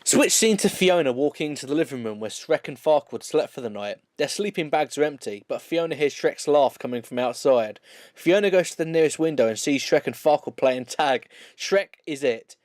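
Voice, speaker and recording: A man's voice: a little high, animated, normal speed, darkish tone, no echo, clean studio sound. A man as guest on a comedy reading show, reacting with laughter and exasperation. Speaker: guest co-reader. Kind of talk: comedic read-along.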